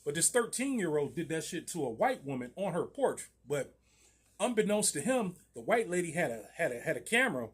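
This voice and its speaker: A man's voice: fairly high pitch, sing-song, brisk, slightly rough. A man, a landlord, telling a story about a tenant in a loose, slangy way, often laughing. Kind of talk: casual storytime vlog.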